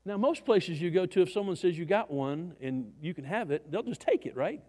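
High-voiced man preaching a sermon. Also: lively intonation, brisk, darkish tone, in a large hall. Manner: conversational storytelling with restarts.

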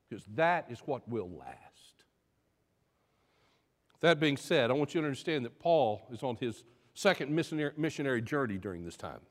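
A man's voice: mid-range voice, big pitch swings, moderate pace, in a large hall. A man preaching a sermon as pastor, building to emphatic bursts and telling a joke along the way.

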